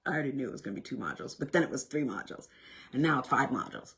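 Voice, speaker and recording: A woman leading a self-help workshop in a casual motivational talk. She is animated, swinging between loud bursts and hushed, near-whispered lines. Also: very deep voice, racing, breathy edge.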